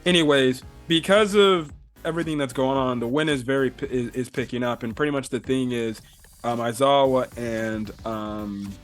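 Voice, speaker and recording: A man's voice: mid-range voice, moderate pace, faint music behind. A man casually recapping a comic chapter in a rambling way, full of fillers and the odd swear word. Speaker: manga reviewer.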